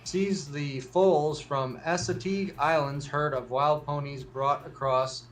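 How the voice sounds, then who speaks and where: A man reads odd news items on a relaxed show, restarting when he trips over words. His voice sits a bit high. A faint room ambience hangs in the background. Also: unhurried, slight background noise. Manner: reads articles, stumbles and restarts, jokey asides. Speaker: news segment reader. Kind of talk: casual news read on a podcast.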